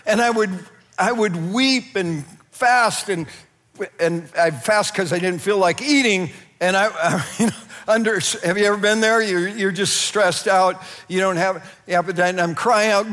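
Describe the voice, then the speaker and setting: A man preaching a sermon with animated delivery, often laughing and crying out. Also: high-pitched, measured pace, long reverb tail. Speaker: pastor.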